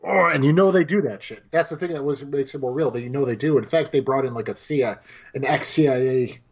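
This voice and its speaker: A man co-hosting a casual film podcast, talking with animated energy, swearing freely and acting out lines from scenes. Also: medium pitch, fast talker, breathy edge, lo-fi sound. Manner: animated, swears, acts out quotes. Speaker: podcast co-host.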